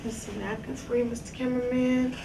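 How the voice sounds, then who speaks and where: A woman's voice: on the high side, fairly even intonation, a little fast, creaky. Chatty woman hosting in an echoey cafe. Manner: chatty, hospitable, laughs easily. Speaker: talk show host. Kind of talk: casual chat. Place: small cafe. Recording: echoey cafe room, distant mic, background noise.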